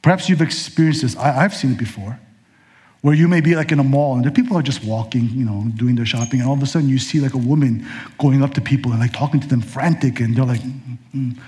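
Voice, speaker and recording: A man's voice: medium pitch, quick pace, darkish tone. A male pastor delivering a sermon in a conversational way, with casual asides.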